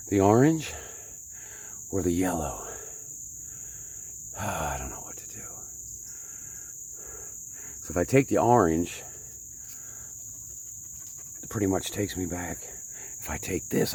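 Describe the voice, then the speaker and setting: A man's voice: sits low, darkish tone. A man rambling to his viewers while hiking uphill on a trail, out of breath and chatty, poking fun at himself and asking the folks watching what to do. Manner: chatty, self-mocking, talks to viewers as folks. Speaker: vlogger.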